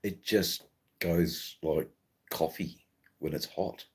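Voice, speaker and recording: A middle-aged Australian man with a broad accent hosts his own live stream, reading viewer comments as they arrive. His voice is extremely low and slightly rough, and he speaks slowly and relaxedly, rambling loosely with many ums and false starts.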